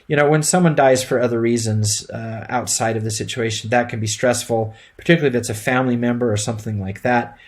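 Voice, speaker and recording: A man's voice: medium pitch, fairly even intonation, fast talker, hardly any pauses. A middle-aged man giving an instructional lecture to emergency medical students, speaking plainly and conversationally with frequent fillers. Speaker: EMT instructor.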